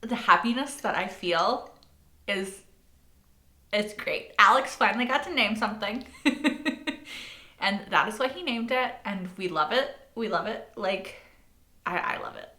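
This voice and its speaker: A woman's voice: medium pitch, expressive, a little slow, pauses often, bright, forceful tone. A young woman hosting a reaction video, talking casually and swearing freely, with a lot of likes and rights. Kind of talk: casual spoken commentary. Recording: echoey room.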